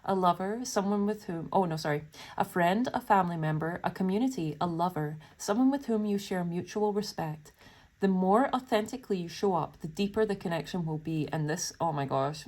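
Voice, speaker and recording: A woman's voice: on the low side, a little mellow. A woman doing a pick-a-card tarot reading, reading card texts aloud and breaking off into chatty, giggly asides to her viewers. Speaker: tarot reader.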